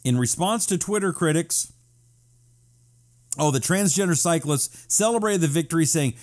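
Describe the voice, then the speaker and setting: A man's voice: a little high, expressive, moderate pace, long pauses, darkish tone. A man hosting a casual live-stream talk show, sarcastic and wisecracking, reading out viewer comments.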